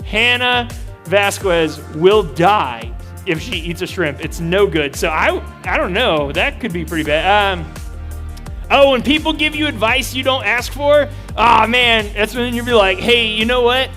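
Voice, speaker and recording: A man's voice: high-pitched, expressive, a little slow, sharp tone, soft background music. A young man leading a youth group session, joking and talking animatedly to a live room. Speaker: youth pastor. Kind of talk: energetic audience interaction.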